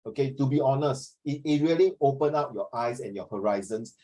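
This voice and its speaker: A man's voice: medium pitch, brisk, mellow, poor audio. A Singaporean man teaching a class, chatty, slipping Chinese into his English and acting out little dialogues. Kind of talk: classroom lesson.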